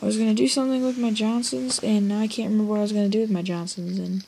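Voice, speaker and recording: A woman's voice: medium pitch, fairly even intonation, racing, vocal fry, dark tone, slight background noise. A young woman giving rambling, jokey commentary on her own gameplay and talking straight to her viewers. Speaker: let's play gamer. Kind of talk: casual game commentary.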